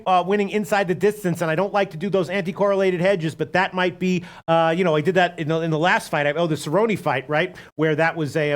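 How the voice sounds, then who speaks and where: Male betting show host, high-pitched, rapid-fire, repetitive, casual. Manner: rapid, repeats himself, reads out viewer comments.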